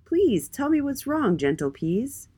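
A woman voicing a proud, kindly male king in a children's storybook, speaking loudly and grandly. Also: high-pitched, sing-song, measured pace, husky, voice pushed up, full character voice. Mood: regal, jolly. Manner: loud, proud and warm. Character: regal booming male king, kind and jolly.

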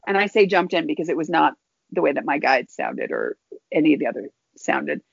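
A woman's voice: deep voice, wildly swooping pitch, vocal fry, husky, no room sound. Earnest woman telling her story, muffled. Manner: earnest, halting, restarts phrases. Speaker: guest. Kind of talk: personal storytelling in conversation. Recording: dull lo-fi dry recording.

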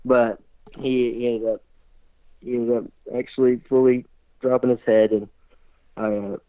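A man excitedly telling a long hunting story, rambling and animated, with lots of fillers. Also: mid-range voice, normal speed, no room sound. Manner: animated, rambling, heavy use of "like". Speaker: hunter guest. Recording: tinny phone-like line, dry.

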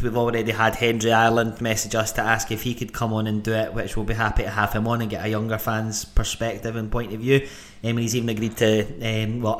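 A man hosting a football podcast, chatty and jokey, with frequent fillers and restarts. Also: on the low side. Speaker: podcast host. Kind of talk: casual podcast chat.

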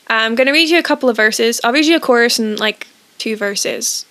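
A woman co-hosting a casual podcast, gentle and thoughtful, a little hesitant as she explains. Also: on the high side, fairly quick. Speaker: podcast co-host. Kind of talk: casual chat with read-aloud hymn verses.

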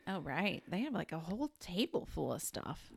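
A woman co-hosting a movie podcast, chatting casually and reacting quickly with frequent laughs. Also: lowish voice, big pitch swings, gravelly, breathy edge, no room sound, clean studio sound. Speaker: podcast co-host.

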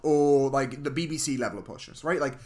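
A man's voice: mid-range voice, brisk, darkish tone. A man with a posh English accent co-hosting a casual film review podcast, sweary and sarcastic. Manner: sweary, emphatic, sarcastic asides. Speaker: podcast co-host.

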